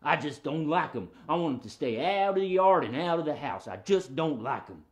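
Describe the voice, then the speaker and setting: A man voicing an excitable male dog who grumbles about outsiders in a low, drawling folksy voice and bursts into barking. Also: moderate pace, close to an everyday voice. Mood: grumbling.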